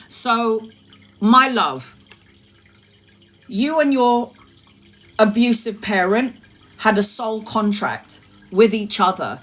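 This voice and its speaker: A woman's voice: a little high, animated, slow pace, pauses often, a bit bright. A woman tarot reader talking on a live stream. She is emphatic and repetitive, calls viewers endearing names and swears freely. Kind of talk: live-streamed spiritual talk.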